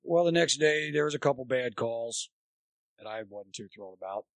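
A man, a former college baseball coach, chatting as a guest and telling long, animated anecdotes. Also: mid-range voice, moderate pace, no echo. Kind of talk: rambling anecdotal storytelling.

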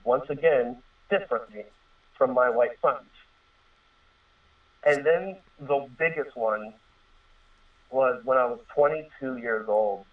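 A man in his thirties rambles earnestly through a personal story, full of fillers and restarts. His voice comes through a thin, phone-like line and sounds set back from the microphone. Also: mid-range voice. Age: 30s. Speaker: guest telling a personal story. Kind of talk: casual spoken storytelling. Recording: tinny distant phone-line radio sound.

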